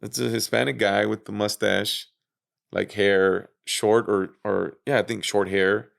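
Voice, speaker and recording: A man's voice: on the low side, little pitch movement, unhurried, vocal fry, fairly bright tone. A man being interviewed on a podcast, casually retelling his own story with lots of fillers, swearing and acted-out quotes. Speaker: interview guest.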